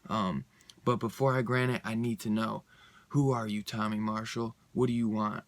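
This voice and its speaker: A man's voice: lowish voice, fairly even intonation, moderate pace, vocal fry, dry recording. A young man giving a rambling, casual comic book review, full of fillers and laughing often.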